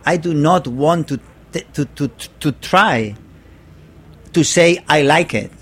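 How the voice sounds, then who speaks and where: Male guest, English not his first language, slightly high voice, halting casual delivery. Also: breathy edge. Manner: halting, repeats words while searching for English. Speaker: guest artist. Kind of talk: casual interview chat.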